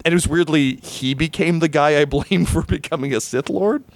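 A man's voice: fairly high pitch, normal speed. A man chatting casually on a podcast as a game master, telling stories with lots of acted-out quotes. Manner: animated storyteller, acts out quoted voices.

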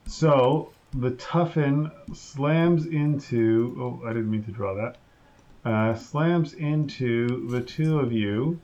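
A man running a tabletop game as game master, talking slowly with frequent fillers and pauses. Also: medium pitch, dark tone, muffled recording. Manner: slow, halting, with many fillers.

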